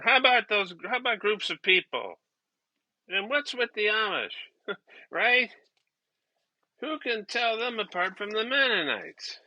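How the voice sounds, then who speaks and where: A man playing an awkward amateur stand-up comedian who chuckles at his own weak jokes and clears his throat nervously. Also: high voice, sharp tone, no echo, heavily acted, low-quality recording. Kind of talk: comedy sketch stand-up bit.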